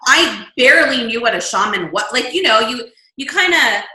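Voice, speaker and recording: Bright-voiced woman telling her story. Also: fairly high pitch, moderate pace, echoey room, rough recording. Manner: animated, lively storyteller. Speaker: guest, shamanic healer. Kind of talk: casual storytelling chat.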